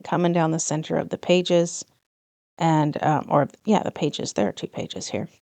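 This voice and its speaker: A middle-aged woman with a low, gravelly voice talks through her crafting in a small home room. She speaks casually, backtracks and fixes her own words. The sound is close and dry. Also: moderate pace, warm tone, dry recording. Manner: chatty, self-correcting, light laughs. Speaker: planner vlogger. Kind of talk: casual plan-with-me chat.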